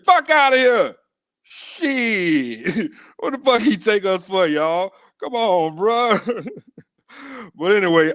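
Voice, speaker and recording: A man hosting a casual podcast, talking loudly with profane, laughing mock outrage and a lot of slang. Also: high-pitched, animated, a little slow, dry recording, studio quality. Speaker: podcast host. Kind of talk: casual live-stream podcast chat.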